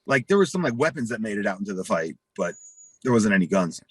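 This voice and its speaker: A man's voice: lowish voice, fast talker, husky, no echo. A man being interviewed, telling a rowdy story full of swearing and acted-out quotes. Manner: profane, animated storyteller acting out quotes. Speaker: interview guest.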